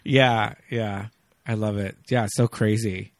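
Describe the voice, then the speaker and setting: A man's voice: on the low side, steady tone, takes it slowly, dry recording. A man co-hosting a podcast in casual chat, hedging with fillers and laughing easily. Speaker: podcast co-host.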